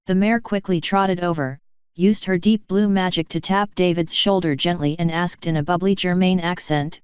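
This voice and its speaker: A woman reads a fan fiction story in a steady, even narration. Her voice is very smooth and a little low, recorded dry and close. The sound is dull and lo-fi. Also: normal speed, no echo. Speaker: fanfiction reader.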